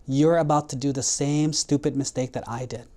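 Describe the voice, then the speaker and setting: A monk voicing a talking goat in a storytelling sermon, low and earnest as it recounts its past lives. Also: male voice, steady tone, moderate pace, warm tone, natural voice. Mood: sorrowful. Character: wise talking goat, old soul, sorrowful.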